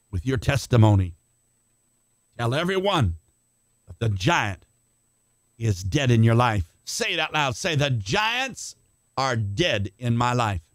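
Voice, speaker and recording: An older man preaching a sermon with passion, rising to shouts and calling on listeners by name. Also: mid-range voice, dry recording. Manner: impassioned, shouting climaxes, calls on congregation by name.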